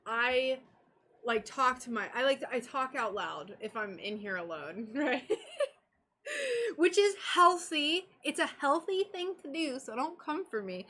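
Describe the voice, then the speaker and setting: A woman's voice: sits high, animated, measured pace, pushed and bright. A young woman from North Carolina, chatting casually and rambling while she works on a livestream, giggly and a little self-conscious. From North Carolina, USA. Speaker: stained glass livestreamer. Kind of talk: casual chat while working.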